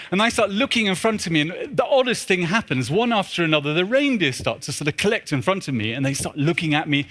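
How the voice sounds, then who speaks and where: A man's voice: a little high, expressive, quick pace, hardly any pauses, a bit bright. A man on stage telling a self-mocking travel anecdote to an audience, full of "sort of" fillers and comic asides. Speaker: speaker at a symposium. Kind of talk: storytelling talk to an audience. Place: large church hall.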